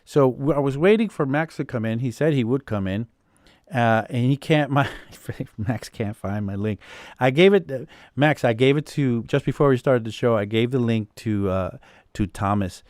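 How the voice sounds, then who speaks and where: Rambling, chatty host on a call. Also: male voice, medium pitch, moderate pace, a little mellow, dry recording, clean studio sound. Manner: rambling, full of fillers and restarts, laughs easily. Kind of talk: live Q&A on music production. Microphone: video call.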